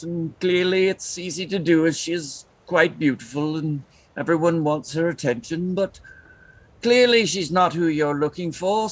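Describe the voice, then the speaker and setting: A man voicing a courtly, flattering rogue in a tabletop game. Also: sits high. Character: smooth-talking charming male rogue.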